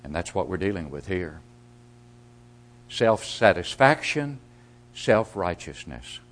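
Lively-voiced male preacher. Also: low voice, slow pace. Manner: rhetorical questions, swings between loud emphasis and hushed asides. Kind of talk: sermon.

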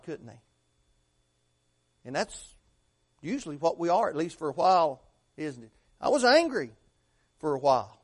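High-voiced man preaching, loud then hushed. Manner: rhetorical questions, swings from loud to hushed. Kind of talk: sermon.

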